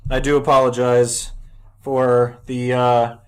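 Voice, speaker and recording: A man's voice: mid-range voice, monotone, slow, clear, resonant tone. A young man hosting a casual podcast, laughing often and stumbling over restarts. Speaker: podcast host. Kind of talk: casual chat.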